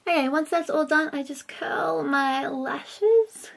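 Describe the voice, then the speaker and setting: Speaking slowly in a high voice with vocal fry, a young woman chats her way through a makeup tutorial vlog at home, rambling and correcting herself. She's recorded indoors by a camera on a stand close by.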